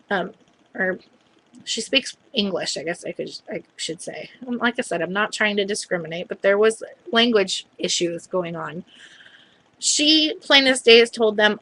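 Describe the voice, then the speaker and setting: A woman's voice: mid-range voice, pushed and bright, poor audio. A woman vlogger casually recounting a story, chatty and hedging, often quoting what others said.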